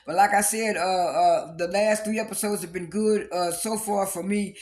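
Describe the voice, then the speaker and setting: A man recapping a reality TV episode in a casual, halting way, with lots of fillers and repeated restarts. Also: steady tone, a little mellow. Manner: briefly acts out quoted cast lines with raised pitch.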